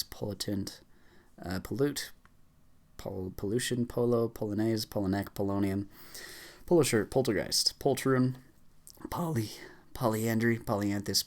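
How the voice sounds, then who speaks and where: A man reading a long list of words aloud as fast as he can, stumbling now and then with fillers and restarts. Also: lowish voice, darkish tone. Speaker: YouTuber. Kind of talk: rapid word-list reading.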